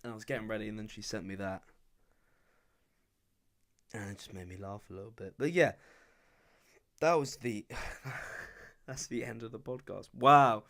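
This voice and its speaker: Gravelly and lowish, a bit bright, with frequent pauses at a moderate pace, this young English podcaster wanders from subject to subject on his solo show. He's chatty and self-deprecating throughout.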